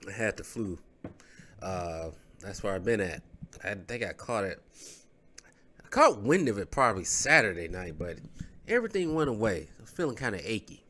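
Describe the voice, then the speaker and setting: A man's voice: fairly low pitch, sing-song, moderate pace, fairly bright tone. A man recovering from the flu, talking casually in a rambling vlog with many fillers. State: recovering from flu, cough drop in mouth. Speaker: YouTube sports commentator.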